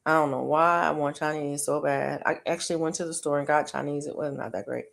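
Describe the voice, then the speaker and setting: Low gravelly-voiced woman chatting. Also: steady tone, brisk. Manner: rambling, laughs often, many ums; crocheting while talking. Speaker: live stream host. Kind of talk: casual chat to live viewers.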